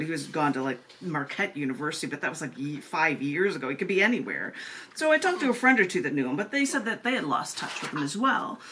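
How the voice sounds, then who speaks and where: Bright-voiced woman reading her poems. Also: fairly low pitch, a little hiss or hum. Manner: animated, laughs often between pieces. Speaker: open mic host reading her poems. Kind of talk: poetry reading with chatty asides. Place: at home over a video call. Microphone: computer mic on a video call.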